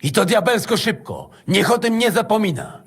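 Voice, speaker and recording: A man's voice: high-pitched, expressive, fairly quick, creaky. An actor playing a crude, swearing male mercenary in a game cutscene. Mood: coarse. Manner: coarse, swearing.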